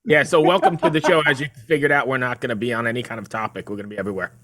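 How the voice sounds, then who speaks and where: A man's voice: medium pitch, steady tone, rapid-fire, a bit bright. A man hosting a podcast, asking the guest questions in an easygoing way. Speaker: podcast host. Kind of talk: casual interview.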